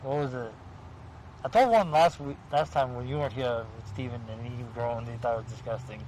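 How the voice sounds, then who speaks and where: A man with a mid-range voice hosts a late-night horror show outdoors in a cemetery, talking fairly quickly over a noisy background. He chats casually and tells jokes, laughing at his own punchlines.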